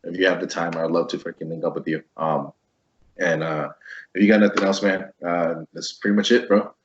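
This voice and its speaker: A man hosting a casual veterans' interview, swearing freely and telling stories in an animated way. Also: deep voice, brisk, lo-fi sound. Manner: profane, animated storytelling. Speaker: host.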